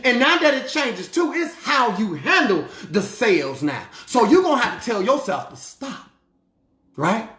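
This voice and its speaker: An emphatic life-coach preacher delivering a motivational sermon in plain street talk, hammering the same refrains again and again. The pitch swings widely and animatedly. The voice rings in a roomy, echoing space. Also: very animated, normal speed, hardly any pauses, a bit bright. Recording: roomy echo.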